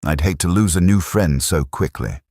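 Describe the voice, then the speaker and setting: A man's voice: low voice, moderate pace, a little mellow, dry recording. A man voicing a cheeky young British army private from Sheffield who teases in a dry, chatty way. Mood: teasing. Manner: chatty, teasing, dry humor.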